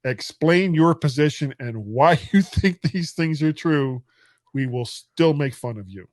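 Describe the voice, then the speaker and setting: A man's voice: a little high, animated, unhurried, a little mellow, dry recording, clean studio sound. Joking middle-aged man podcast host. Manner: joking, laughs often, stumbling restarts. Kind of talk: casual chat.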